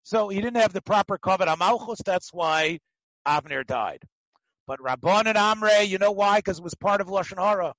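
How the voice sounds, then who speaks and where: A man teaching a Talmud class, telling the stories in an animated way, acting out the quotes and often restarting his sentences. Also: sits high, moderate pace, dry recording, low-quality recording. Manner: animated storytelling, acts out quotes, frequent restarts. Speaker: Torah teacher.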